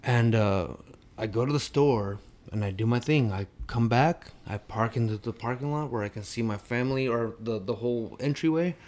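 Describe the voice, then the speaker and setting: A young man co-hosting a podcast, telling a story in a loose, animated, profanity-laced way with lots of fillers. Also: medium pitch, normal speed. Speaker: podcast co-host. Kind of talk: casual storytelling chat.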